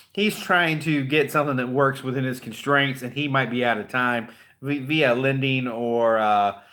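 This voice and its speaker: Blunt, bright-voiced car dealer man. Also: medium pitch. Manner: blunt, chatty storyteller. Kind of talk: casual motivational talk.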